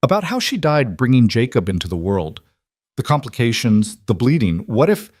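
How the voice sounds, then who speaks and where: A man's voice: medium pitch, sing-song, moderate pace, a little mellow, no echo, studio quality, pitched above the performer's own voice. A man playing Elias, a weary but devoted former lawman and husband in a western storybook, speaking steadily and solemnly.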